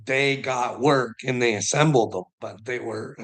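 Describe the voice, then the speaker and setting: Canadian guy, gravelly voice, sweary rambling vlog rant. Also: medium pitch, a little slow, fairly bright tone, poor audio. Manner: rambling, profane, chuckling. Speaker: vlogger. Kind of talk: casual rant to viewers.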